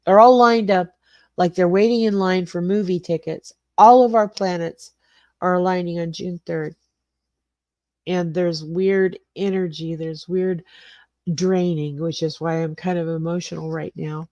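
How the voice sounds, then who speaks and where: Older woman, livestream host, low mellow voice, chatty and rambling, dry close sound. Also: steady tone, measured pace, no echo, lo-fi sound. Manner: chatty, greets viewers by name, rambling. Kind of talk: casual livestream chat with viewers. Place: small garage suite with cement floor.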